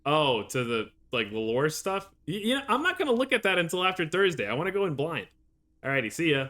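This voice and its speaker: A man's voice: on the high side, sing-song, a little fast, bright, forceful tone. A male streamer chatting casually while playing a game, reacting aloud and laughing often. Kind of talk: casual gameplay commentary.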